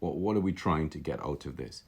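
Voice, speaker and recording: A man's voice: extremely low pitch, lively intonation, brisk, husky. A man teaching calligraphy on a live stream, musing aloud with enthusiasm, often restarting his sentences. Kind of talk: live-streamed lesson, casual commentary.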